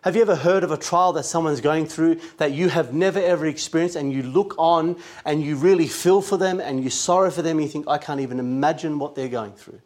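Man, preacher, sermon, earnest, emphatic, fairly high voice. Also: fairly quick, few pauses, darkish tone.

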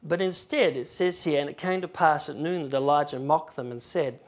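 A man preaching a sermon in a church, reading scripture aloud with emphatic swings from loud to soft. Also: on the high side, normal speed. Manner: emphatic, rising and falling loudness, reads scripture aloud.

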